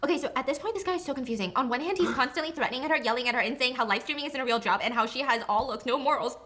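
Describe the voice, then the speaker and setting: A woman commenting in a video, retelling a story in an animated, exasperated way. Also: sits high, very fast.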